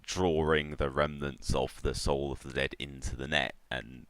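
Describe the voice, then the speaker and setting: A man narrating a tabletop game as game master, in a relaxed, hesitant way with frequent fillers. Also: rumbling low, unhurried, no echo.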